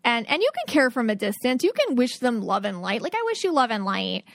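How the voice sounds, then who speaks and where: A woman's voice: a little high, big pitch swings, fairly quick, gravelly, no echo, studio quality. A woman in her thirties hosting a podcast, giving earnest, chatty advice in a casual, rambling way. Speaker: podcast host. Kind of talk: casual solo podcast talk.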